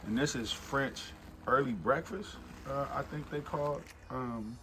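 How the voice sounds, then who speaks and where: A man casually walking viewers through his home garden, chatty and relaxed, calling them y'all. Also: mid-range voice, measured pace. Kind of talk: casual walk-through narration. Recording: music playing clearly behind the voice.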